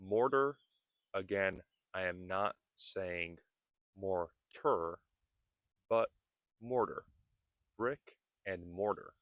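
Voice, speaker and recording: A man gives an English lesson in a low, unhurried voice, stretching each word out and repeating terms to show how they are said. The sound is dry and close, with no room echo around him. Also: clean tone, muffled recording. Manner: deliberate, repeats words to model pronunciation. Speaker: English teacher. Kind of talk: slowed-down teaching talk. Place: outdoors on a building roof at a construction site.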